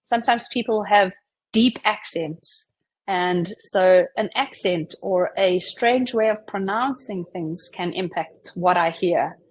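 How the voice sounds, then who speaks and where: Husky-voiced woman presenting a webinar. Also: mid-range voice, rough recording. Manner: chatty, acts out example dialogue, frequent "you know". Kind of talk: conversational presentation.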